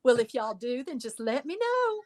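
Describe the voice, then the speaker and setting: A woman's voice: high-pitched, sing-song, moderate pace, darkish tone. A woman voicing a sugary Southern belle phone receptionist with a syrupy drawl and a Southern US accent. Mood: sweet.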